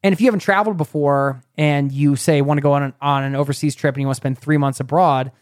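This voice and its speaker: A man hosting a podcast interview, asking questions in a rapid, playful, probing way. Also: a little high, fairly even intonation, no echo, studio quality. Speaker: podcast host. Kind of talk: casual interview.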